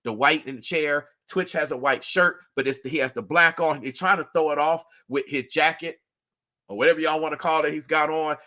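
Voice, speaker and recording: A man's voice: a little high, fairly even intonation, a little fast, sharp tone. A man hosting a livestream, talking earnestly and emphatically to his viewers and repeating himself often. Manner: talks directly to viewers. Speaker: livestream host. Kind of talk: livestream commentary.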